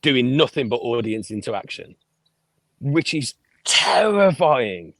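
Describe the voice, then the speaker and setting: A man, a podcast guest telling lively stories about his life and swearing freely. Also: medium pitch, slow, gravelly, dry recording. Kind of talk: casual storytelling interview.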